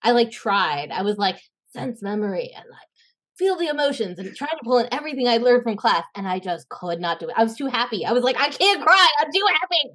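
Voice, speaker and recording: Lively, laughing actress telling stories. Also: female voice, on the high side, fast. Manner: animated storyteller, acts out quoted voices, laughs often. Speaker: actress, podcast guest. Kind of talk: casual interview chat.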